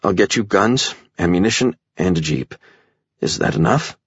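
A man voicing a desperate, educated woman scientist, speaking a little higher and with a pleading tone. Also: animated, moderate pace, slightly rough, no room sound, muffled recording, full character voice.

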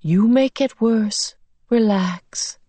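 A gentle, furry alien beast speaks in an audiobook, voiced by a woman narrator. Its words come slowly and carefully, as if feeling for each one. The tone sits slightly raised and even. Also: fairly high pitch, no room sound, voice pushed up. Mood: soothing. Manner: slow, careful, searching for words. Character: gentle tentacled alien beast, calm and caring.

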